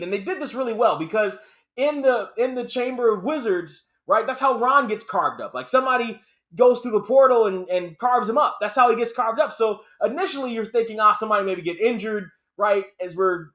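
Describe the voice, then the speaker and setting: Brief: male reviewer, high and bright, swings hard in pitch, loves repeating lines for emphasis. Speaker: movie reviewer. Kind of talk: casual spoken movie review.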